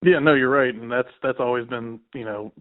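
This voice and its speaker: A man's voice: medium pitch, brisk, no echo. A man who is a podcast guest, giving casual sports analysis and peppering his talk with "like" and "you know". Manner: conversational, frequent "like" and "you know". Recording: dry phone-like line.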